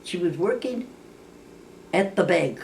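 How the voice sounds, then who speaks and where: A gravelly, darkish voice of fairly low pitch, slow and expressive, belongs to an older woman casually telling family stories. She rambles, repeatedly restarting and correcting herself, and performs the voices in her stories. Recorded on a distant mic with faint hiss behind it.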